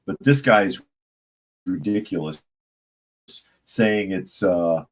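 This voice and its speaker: A man's voice: sits low, takes it slowly. A man hosting a casual live-stream commentary show, opinionated and rambling, reading viewer chat comments aloud. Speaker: political commentary channel host.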